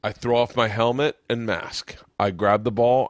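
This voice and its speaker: A man hosting a podcast, telling a story in casual chat, animated and swearing, his voice jumping up when he quotes himself. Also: mid-range voice, normal speed, few pauses, no room sound, studio quality. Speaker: podcast host. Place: room with family around.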